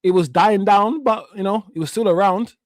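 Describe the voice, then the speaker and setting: Heated and profane, a Jamaican-born stream host in his fifties rants through a casual watch-along broadcast in street slang, speaking at a normal speed. His pitch runs slightly above the typical male range. There's no echo at all; the sound is dry and close.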